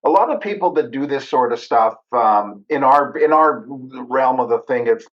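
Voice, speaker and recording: A man's voice: medium pitch, lively intonation, normal speed, muffled recording. A middle-aged man hosting a podcast interview, chatting in a jokey, rambling way. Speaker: podcast host. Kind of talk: casual interview chat.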